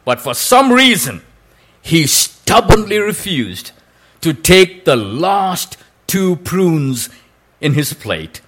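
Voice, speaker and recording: Man preaching with animated, swooping delivery. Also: a little high. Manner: dramatic, swooping delivery with drawn-out quotes. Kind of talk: storytelling sermon.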